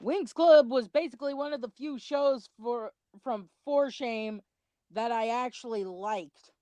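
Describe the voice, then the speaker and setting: A woman's voice: a little high, measured pace, warm tone, no echo. A young adult woman co-hosting a commentary video, chatty, rambling and a little self-conscious in casual chat.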